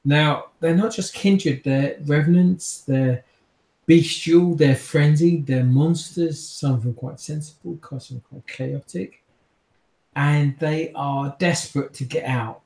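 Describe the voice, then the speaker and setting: A man's voice: a little high, a little slow, gravelly, darkish tone, echoey room, low-quality recording. A man as game master, narrating a tabletop game dramatically, with hesitant restarts.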